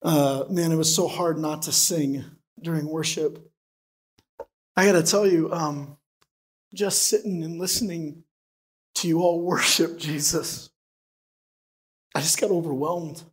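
A man preaching to his church with a voice gone hoarse. He sits fairly high for a man and talks to the congregation in an earnest, emotional, conversational way. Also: fairly even intonation, measured pace, long pauses. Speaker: pastor. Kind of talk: sermon. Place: church sanctuary.

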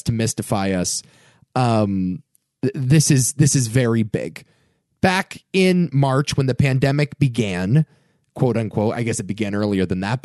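A man's voice: mid-range voice, darkish tone, no echo, studio quality. A man hosting a pop culture commentary show, talking with a wry, dramatic, mock-solemn delivery. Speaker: host.

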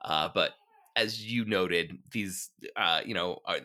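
A man's voice: low-pitched, slow pace, pushed and bright. A man as a podcast guest, chatting thoughtfully with lots of ums and restarts. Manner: thoughtful, many fillers and restarts. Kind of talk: casual chat.

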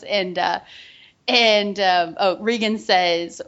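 A woman co-hosting a podcast, giggly and enthusiastic, with quick asides about film scenes. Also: medium pitch, a bit bright, dull audio. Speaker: podcast co-host. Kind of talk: casual film discussion.

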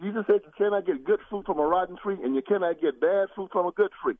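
An older man talking politics as a guest, preacherly and emphatic, his pitch rising in big sweeps as he presses each point. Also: fast. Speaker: guest commentator. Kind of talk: political talk show conversation. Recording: tinny phone line.

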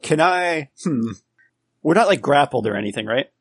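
A man's voice: on the high side, animated, moderate pace, breathy edge. A man playing in a tabletop game, joking around and laughing a lot in casual chat. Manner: giggly, jokey. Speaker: player.

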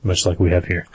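Husky, low male co-host; loose jokey banter about films. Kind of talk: casual film discussion.

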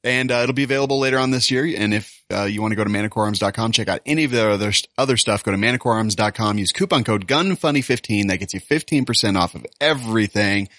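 A man's voice: on the low side, fast talker, few pauses, a bit bright, no room sound, studio quality. A man co-hosting a podcast, chatting loosely and joking, often breaking into laughs. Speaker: podcast co-host. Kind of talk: casual podcast banter.

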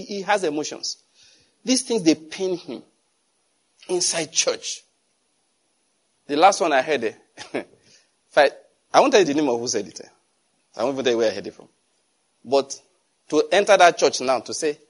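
A man with a Nigerian accent preaching a conversational, digressive sermon, swinging from hushed asides to loud emphasis. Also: on the high side, breathy edge. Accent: Nigerian English. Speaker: pastor.

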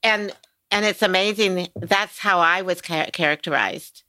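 An older woman hosting a podcast interview, enthusiastic and quick to exclaim as she talks. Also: on the low side, sharp tone. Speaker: podcast host. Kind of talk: casual interview.

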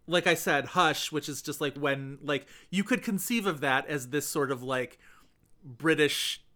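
A man's voice: on the high side, unhurried, bright, forceful tone. A man co-hosting a film podcast, chatting casually and rambling with many fillers. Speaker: podcast co-host.

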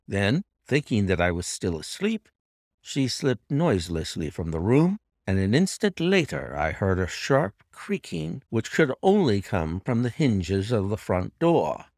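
A man reading a classic story aloud in the first person, with expressive, dramatic narration. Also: lowish voice, a little slow, dry recording, clean studio sound.

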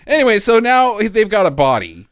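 Animated, joking man recapping a movie. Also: high-pitched, moderate pace, clean tone, dry recording, clean studio sound. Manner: joking, laughs often, recaps the plot. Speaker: podcast co-host. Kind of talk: casual comedic movie recap.

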